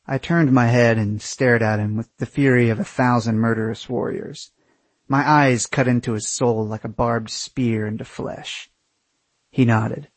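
A young male narrator reads a first-person travel story in a crude, wry storytelling manner. His somewhat husky, middle-pitched voice holds a steady tone at a measured pace. The recording is dry and close, with no echo.

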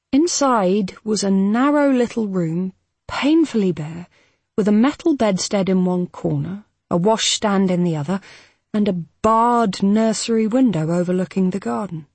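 Audiobook narrator: measured, even reading, slightly husky voice, dry close studio sound. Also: medium pitch, no echo. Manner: measured, even storytelling delivery.

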